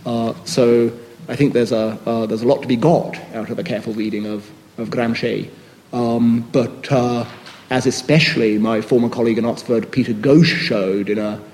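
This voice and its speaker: A man's voice: medium pitch, fairly even intonation, moderate pace, darkish tone, long reverb tail, low-quality recording. A man answering a question on a panel in an academic discussion, hesitant and thoughtful, with many fillers and restarts.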